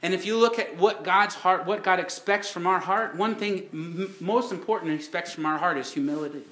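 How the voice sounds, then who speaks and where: Male preacher, folksy sermon, rhetorical questions, slightly high voice, roomy echo. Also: brisk, sharp tone.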